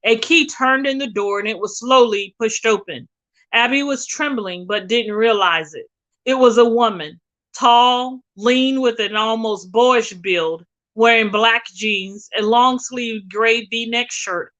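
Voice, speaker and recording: A woman reading a novel aloud with expressive, dramatic storytelling. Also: fairly high pitch, a little slow, dull audio. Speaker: reader.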